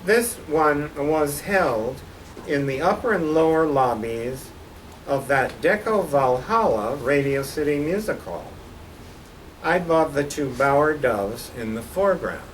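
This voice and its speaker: A man's voice: medium pitch, lively intonation, measured pace. An older man, a guest artist, gives a slide-show lecture about his posters with dry, wry humor. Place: college lecture hall. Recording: distant mic with faint background noise.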